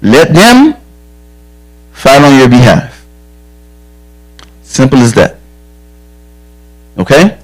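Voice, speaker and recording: A man's voice: mid-range voice, huge pitch swings, very slow, pauses often, rough recording. A man who is a police officer, giving a direct, earnest safety talk to children at a church camp and telling stories from his own life. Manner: direct, earnest, frank storytelling.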